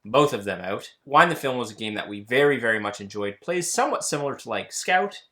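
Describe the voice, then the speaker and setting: A man's voice: medium pitch, lively intonation, a little fast, fairly bright tone. A man co-hosting a casual board game haul, plainly explaining how each game plays. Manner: easygoing, explains rules plainly. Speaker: board game channel co-host.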